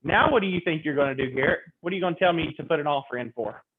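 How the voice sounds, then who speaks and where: A man lecturing a real estate class, acting out clients and agents in quick animated stories. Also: fairly high pitch. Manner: animated storytelling, role-playing clients in quotes. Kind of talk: classroom lecture with acted-out examples. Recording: tinny phone-like audio with faint noise.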